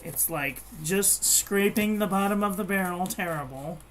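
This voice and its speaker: A woman's voice: mid-range voice, moderate pace, slight background noise. A woman chatting casually while she crafts at home, rambling and meandering, with frequent restarts. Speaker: crafting vlogger.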